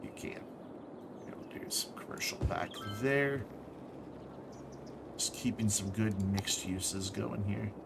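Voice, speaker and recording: A man's voice: fairly low pitch, takes it slowly, gravelly, long pauses, loud music behind the voice. A man thinking aloud as he plays a city-building game on a live stream, correcting himself as he goes, tired and with the hiccups. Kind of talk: casual gameplay commentary.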